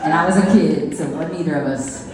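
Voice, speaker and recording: A woman's voice: low voice, fast talker, noisy background. Woman doing stand-up in an echoey club. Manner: chatty, playful, talks straight to the crowd. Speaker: stand-up comedian. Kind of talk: stand-up comedy storytelling. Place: comedy club stage. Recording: echoey live room with long reverb.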